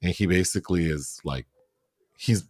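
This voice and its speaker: Guy on a film podcast, kinda low voice, dry close mic, goofs around quoting scenes. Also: moderate pace, no echo. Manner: animated, acts out movie lines. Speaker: podcast co-host. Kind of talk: casual film review chat.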